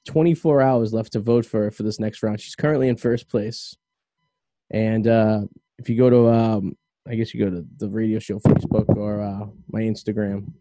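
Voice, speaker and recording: A man's voice: lowish voice, dark tone, dry recording. A man hosting a radio talk show in casual chat, rambling loosely with lots of fillers and restarts.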